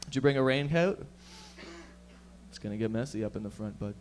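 A man's voice: on the low side, lively intonation, a little mellow. Profane stand-up comedian, man. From Toronto area, Canada. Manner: profane, rapid-fire joking to the crowd. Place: comedy lounge stage.

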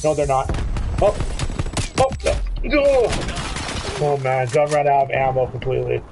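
A man giving live commentary on his own shooter game, excitable, swinging between quiet muttering and high yelps and pleading. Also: measured pace, vocal fry, background noise. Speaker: gaming streamer. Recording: gunfire and game sounds behind the voice.

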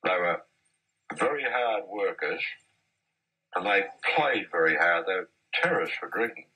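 A man with a deep, husky voice recalls his old mining days in a measured, anecdotal way. His tone is bright and forceful despite the low pitch. It sounds like a 1970s archive interview. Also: lively intonation, low-quality recording. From Australia. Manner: measured, anecdotal, with occasional restarts. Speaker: interviewee, former mine boss. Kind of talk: reminiscing storytelling in an interview.

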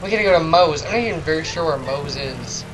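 A man's voice: on the high side, lively intonation, quick pace, rough recording. A man casually commentating a video game, rambling and joking at his own expense. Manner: rambling, self-deprecating, chatty asides. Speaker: let's play commentator. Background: game music.

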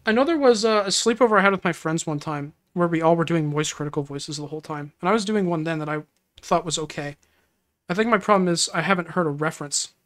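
A woman's voice: on the low side, quick pace. Giggly, rambling woman streamer. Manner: giggly, rambling, easily flustered. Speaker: game streamer. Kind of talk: casual livestream chat.

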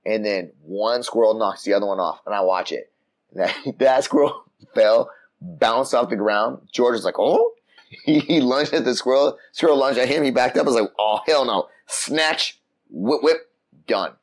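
A man on a casual podcast, telling a story with lively voices for the people in it. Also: mid-range voice, moderate pace. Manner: animated storytelling, acts out voices, frequent restarts. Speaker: podcast co-host. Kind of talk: casual chat. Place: room outside the usual studio.

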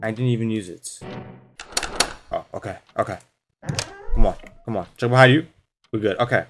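A young man playing a horror game on his channel, jumpy, swinging between nervous muttering and sudden shouts. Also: fairly low pitch, moderate pace, over music. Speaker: gaming YouTuber. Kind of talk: horror game let's play commentary.

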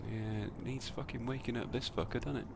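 A British streamer with a medium-pitched, gravelly voice speaks briskly in a steady tone, with background noise behind him. Commenting on his slot spins, he's sweary and sarcastic, muttering between outbursts.

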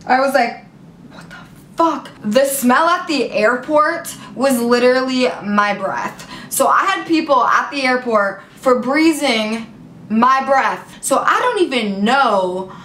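A woman's voice: sits high, takes it slowly, slight background noise. A young woman vlogger telling a story to camera in a casual, dramatic way, full of "like" fillers. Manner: animated, dramatic retelling with many "like" fillers. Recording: echoey room.

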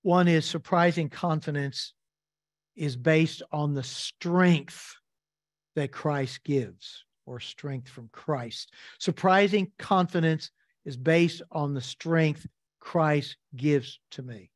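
A middle-aged man preaches at an unhurried, measured pace, leaning on each word of the scripture he reads aloud. Between the readings he breaks into quick, lively asides. His voice sits at an ordinary middle pitch, and the sound is dry and close, with little room echo. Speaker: pastor. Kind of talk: sermon. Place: church sanctuary.

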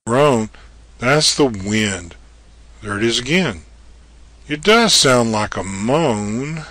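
An actor playing a bold, level-headed man exploring an old castle, giving brisk commands. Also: medium pitch, lively intonation, pushed and bright, no room sound, full character voice. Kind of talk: audio drama acting.

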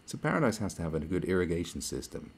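Gravelly-voiced British man ranting. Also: deep voice, sing-song, quick pace, slight background noise. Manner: ranting, sarcastic, profane. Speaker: podcast host. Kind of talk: podcast monologue.

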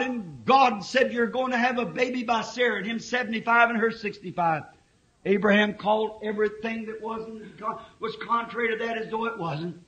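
Fiery preacher in his fifties, a man with a strikingly high voice, dull old tape recording. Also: normal speed. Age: 50s. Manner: impassioned, swings to shouting. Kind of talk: fiery sermon.

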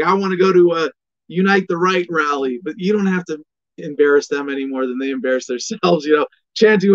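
A man with a high-pitched voice rants sarcastically as the host of a commentary show, stumbling over his words and restarting his sentences. The sound is a bit dull and lo-fi. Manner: sarcastic, animated ranting with many restarts.

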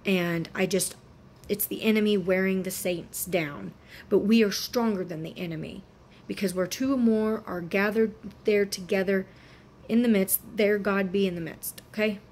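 A woman's voice: medium pitch, steady tone, moderate pace, darkish tone, a little hiss or hum. A woman in her thirties with a swollen throat and fever, talking earnestly and rambling in a casual faith vlog. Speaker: Christian vlogger.

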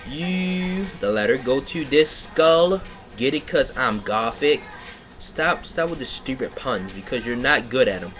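Slow sarcastic man reading badly written fiction. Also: mid-range voice, animated, a bit bright, soft background music. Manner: sarcastic, breaks off to rant and laugh. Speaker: reader mocking a fan fiction. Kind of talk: comedic dramatic reading with commentary.

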